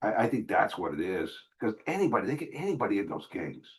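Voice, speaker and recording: A middle-aged man with a fairly low voice, hosting a casual livestream Q&A. He reads out viewer messages and answers them plainly and candidly, peppering his talk with "bro" and "brother.". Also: sing-song, quick pace, rough recording. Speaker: livestream host reading super chats.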